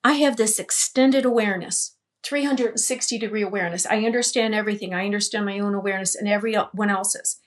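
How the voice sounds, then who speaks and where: A woman's voice: mid-range voice, quick pace. An older woman, a guest on an interview, telling a personal story earnestly in a flowing way, often repeating and restarting her words.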